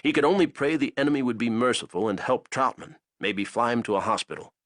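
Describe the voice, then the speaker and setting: A man narrating an action audiobook in a dramatic, expressive way. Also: mid-range voice, fast talker, no echo, studio quality.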